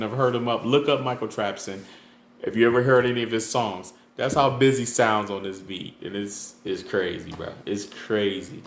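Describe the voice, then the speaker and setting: A man hosting his channel, chatting casually through an album track by track, loose and full of fillers and restarts. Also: fairly low pitch. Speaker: music reviewer, channel host. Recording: echoey room with faint background noise.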